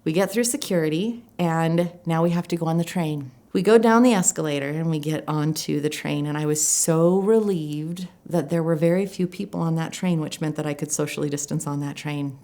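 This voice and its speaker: A woman with a low-pitched voice shares a personal story straight to camera. She speaks earnestly and reflectively, slowing down on the points she wants to stress. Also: dark tone. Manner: reflective, earnest, slows down for emphasis. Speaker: life coach.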